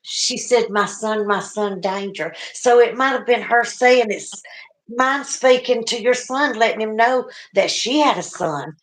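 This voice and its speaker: A woman's voice: on the high side, a little slow, a bit bright, low-quality recording. A woman host with a Southern US accent, reacting with surprise and offering her own theories in casual chat. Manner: reacts with exclamations and laughs.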